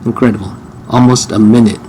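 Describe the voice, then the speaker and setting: A man casually questioning an AI assistant, halting and repeating himself, with dry sarcasm. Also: lowish voice, fairly even intonation, mellow, a little hiss or hum. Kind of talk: casual chat.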